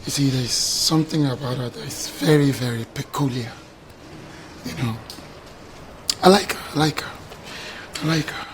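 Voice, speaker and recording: An actor playing a lovestruck young Nigerian man who laughs and teases his friend in an animated way. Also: mid-range voice, moderate pace, pauses often, natural voice. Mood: playful. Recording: noisy background ambience.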